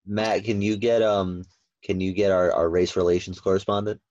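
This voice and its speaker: Deep-voiced man dropping dry quips. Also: flat delivery, moderate pace, darkish tone, dry recording, dull audio. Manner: dry, cutting quips, swears. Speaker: podcast co-host. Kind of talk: casual podcast banter.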